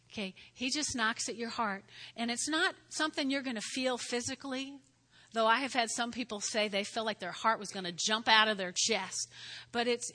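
A woman pastor giving a sermon and altar call, earnest, often repeating her words and turning soft and prayerful. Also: on the high side.

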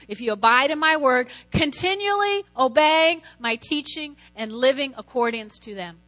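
A woman with a high, bright voice delivers a sermon, lively and calling out to her listeners for answers. A faint mains hum sits under the recording. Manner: lively, lots of call-and-response. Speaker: Christian teacher preaching.

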